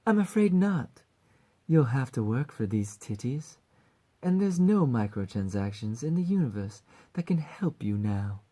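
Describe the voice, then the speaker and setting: A woman voicing a bright, theatrical succubus mascot in an attempted British accent, reading audition lines. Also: low voice, very animated, moderate pace, voice pushed up. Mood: coy teasing. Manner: grandiose mock-formal rant, coy teasing. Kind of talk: voice acting audition read.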